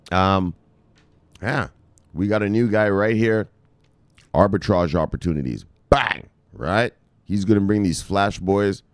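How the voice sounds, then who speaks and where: A man hosting a crypto news vlog in loud, profane, boisterous casual commentary, laughing often. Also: sits low, dry recording.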